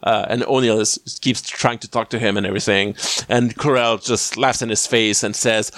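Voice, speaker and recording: A man's voice: fairly low pitch, fairly even intonation, moderate pace, a bit bright, no echo, clean studio sound. A man casually recapping a TV episode as a podcast host, rambling with lots of fillers and restarts. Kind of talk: casual chat.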